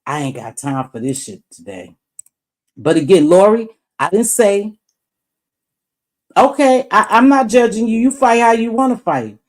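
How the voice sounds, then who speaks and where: A woman's voice: medium pitch, lively intonation, unhurried, darkish tone. Blunt woman ranting on a live stream. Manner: blunt, preachy, swears freely. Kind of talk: heated live-stream rant.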